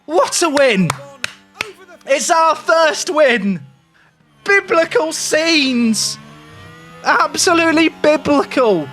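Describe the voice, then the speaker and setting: High-pitched excitable male game streamer. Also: takes it slowly, long pauses, soft background music. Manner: excitable, exclamatory, repeats phrases. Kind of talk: live gameplay commentary.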